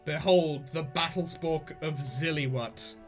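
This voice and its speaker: A man hosting a podcast, chatting excitably with frequent swearing and restarts, and reading a comic aloud. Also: a little high, takes it slowly, faint music behind. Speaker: podcast host and reader. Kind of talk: casual chat and reading aloud.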